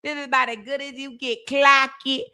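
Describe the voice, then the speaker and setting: A woman hosting a livestream, mocking and laughing loudly with heavy swearing. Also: high voice, little pitch movement, fairly quick. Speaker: livestream commentary host. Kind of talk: profane comedic livestream commentary.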